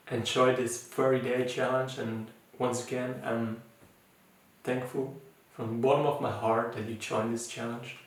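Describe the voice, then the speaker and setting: Mindfulness teacher, male, non-native English speaker, gentle and halting, recorded far off in an echoey room. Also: medium pitch. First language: not English. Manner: gentle, searching, with many fillers and restarts. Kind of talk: informal recorded talk.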